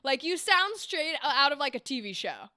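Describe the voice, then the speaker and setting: A woman's voice: high-pitched, very animated, normal speed, bright, forceful tone, no echo, clean studio sound. A woman hosting a livestream, giving bubbly, encouraging critiques of voice acting takes in a chatty way.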